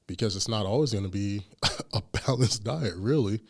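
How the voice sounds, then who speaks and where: A man's voice: on the low side, moderate pace, slightly rough. A man hosting a casual podcast chat, telling stories and acting out the voices of the people in them. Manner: animated storyteller, acts out quoted voices. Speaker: podcast host.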